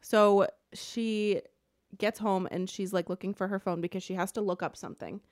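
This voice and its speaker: A woman co-hosting a casual chat, retelling a book plot as an animated rant that is full of swearing. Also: mid-range voice, normal speed, no echo, clean studio sound. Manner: animated ranting storyteller, swears freely.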